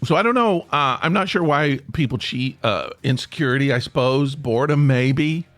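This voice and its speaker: A man's voice: mid-range voice, animated, normal speed, a bit bright, no echo, faint music behind. A man hosting a solo podcast in a casual, rambling way, often stopping and restarting his sentences. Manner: rambling, self-interrupting, chatty. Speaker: podcast host. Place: home near Atlanta.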